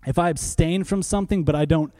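A male preacher gives a sermon in a church. His voice sits a little high yet sounds warm and mellow, with nothing sharp in it. He talks with the congregation, asking questions and answering them himself, and repeats key phrases to drive them home. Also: fast talker. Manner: conversational, asks the room questions and answers them.

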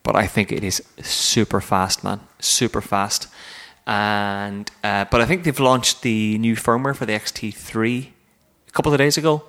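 A man's voice: fairly low pitch, steady tone, a little slow, hardly any pauses, a bit bright. A man, a wedding photographer, rambling through casual podcast chat about camera gear from his office, often restarting his sentences. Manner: rambling, chatty, self-correcting.

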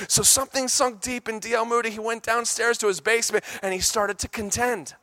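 Impassioned bright-voiced male preacher. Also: very high-pitched, steady tone, brisk, hardly any pauses, no echo, studio quality. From United States. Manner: impassioned, swings from shouting to hushed storytelling. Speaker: pastor. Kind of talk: sermon.

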